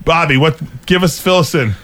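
A man's voice: on the high side, fairly bright tone. A man hosting a radio show, teasing the others and steering the talk. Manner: quick, teasing, takes charge of the talk. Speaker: radio host.

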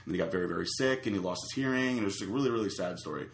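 A man's voice: deep voice, very fast, vocal fry, roomy sound, a little hiss or hum. A man telling a long rambling story in casual chat, full of fillers and restarts. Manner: rambling, animated anecdote with many fillers.

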